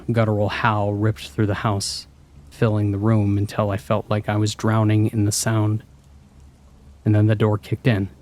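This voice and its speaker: A man with a low voice narrating a scripted horror story. He reads in a measured, hushed way and paces the tension.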